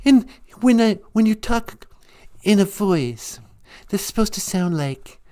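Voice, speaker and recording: A woman's voice: medium pitch, takes it slowly. A woman hosting a live stream, chatting casually and giggling often. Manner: giggly and animated, laughing often. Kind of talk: casual chat.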